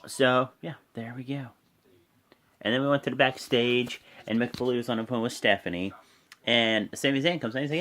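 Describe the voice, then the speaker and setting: A man giving a casual, rambling recap of a wrestling show, excitable and swearing freely. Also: mid-range voice, brisk.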